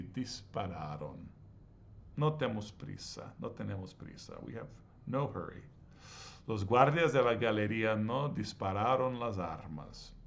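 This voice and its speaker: Patient male teacher with a low voice, careful syllable-by-syllable delivery; slightly muffled lo-fi audio. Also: slight background noise. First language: English. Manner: patient, reads Spanish slowly and syllable by syllable. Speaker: Spanish teacher. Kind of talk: explaining grammar exercises.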